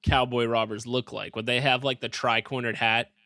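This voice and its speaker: A man co-hosting a podcast, riffing playfully and tossing in quick jokes. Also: medium pitch, little pitch movement, pushed and bright, no room sound, studio quality. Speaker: podcast co-host. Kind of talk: casual comedy podcast chat.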